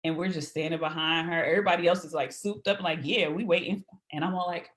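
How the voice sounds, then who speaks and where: A woman's voice: lowish voice, fast, hardly any pauses. A woman guest on a podcast telling casual stories, acting out the voices of the people in them. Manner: animated anecdotes acting out quoted voices. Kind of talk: casual storytelling.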